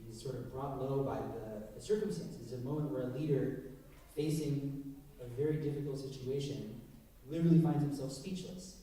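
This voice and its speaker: A man, a rabbi leading a text study with questions, animated and acting out quotes, recorded from a distance in a synagogue hall. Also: mid-range voice. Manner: animated, acts out quotes with rising voice. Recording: echoey room, recorded from a distance.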